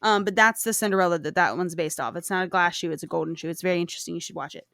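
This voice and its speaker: A woman's voice: lowish voice, fairly even intonation, racing, creaky, fairly bright tone. A woman hosting a podcast, retelling a fairy tale in a casual, profane, rambling way. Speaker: podcast host. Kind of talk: casual storytelling.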